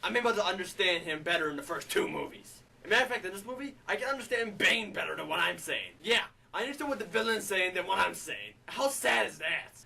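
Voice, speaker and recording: A man giving a gushing, excitable comedic movie review in character. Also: sits high, quick pace, creaky, few pauses, slightly rough, far from the mic.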